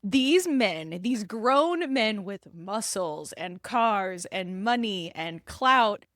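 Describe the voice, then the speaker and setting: A woman co-hosting a casual podcast as an embodiment coach, talking in emphatic bursts that slow down for deliberate phrasing. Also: medium pitch, lively intonation, a bit bright, dry recording, clean studio sound.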